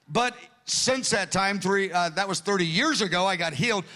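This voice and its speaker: A man's voice: moderate pace, sharp tone. A man in his sixties preaching a sermon to his congregation, earnest and conversational, with a voice that tends toward strain. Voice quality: voice prone to strain. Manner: earnest, conversational preaching with sudden rises in pitch. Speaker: pastor.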